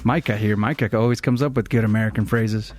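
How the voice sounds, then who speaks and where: Upbeat quick-talking male podcast host. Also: on the low side, fairly even intonation. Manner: upbeat, quick, leading questions. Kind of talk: casual interview. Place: studio.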